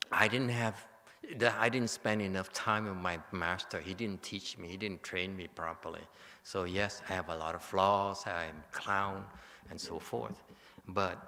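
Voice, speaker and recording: A man's voice: on the low side, sharp tone. A man who is a Buddhist monk giving a Dharma lecture, emotional and joking, with many restarts. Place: temple lecture hall. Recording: long hall reverb.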